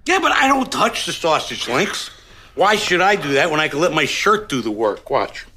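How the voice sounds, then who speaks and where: An actor playing a grubby, shameless older man in a sitcom, with a breathy voice. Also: a little high, sing-song, moderate pace, pushed and bright, exaggerated voice. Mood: smug. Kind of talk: sitcom acting.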